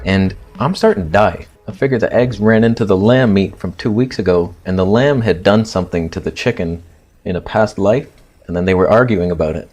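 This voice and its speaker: A low-pitched man in his thirties recounts his own ordeal with blunt, self-mocking drama. He often slips into acting out what he said at the time. Faint music plays quietly behind him. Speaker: fitness influencer telling a story. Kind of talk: animated personal storytelling.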